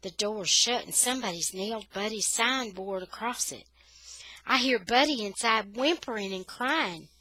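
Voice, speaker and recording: A woman reading a children's novel aloud for English learners, slow and expressive. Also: medium pitch, no echo.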